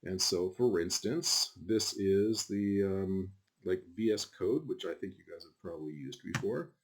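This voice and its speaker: A man's voice: sits low, a little slow, a little hiss or hum. A man teaching a class while showing things on screen, talking casually and rambling, with frequent fillers and asides. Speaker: college instructor. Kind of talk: screen-recorded lecture.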